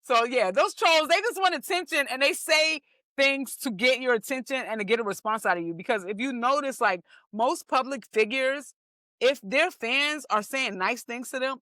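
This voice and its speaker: A young woman from New York, a comedian guest telling stories in an animated, slangy way. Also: sits high, normal speed, no room sound, clean studio sound. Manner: animated, slangy, acts out quoted voices. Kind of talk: casual storytelling interview.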